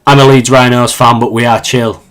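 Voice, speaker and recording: A man's voice: mid-range voice, little pitch movement, brisk, fairly bright tone. Chatty young Yorkshire man streaming. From Yorkshire, England. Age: 20s. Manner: chatty, reads out viewer questions, frequent restarts and fillers. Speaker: live streamer. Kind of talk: casual live-stream chat while gaming.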